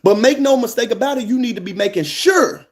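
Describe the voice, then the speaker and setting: Emphatic high-voiced man preaching. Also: brisk. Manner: emphatic, repeats lines for stress, fiery preaching cadence. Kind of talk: preachy monologue to a live audience.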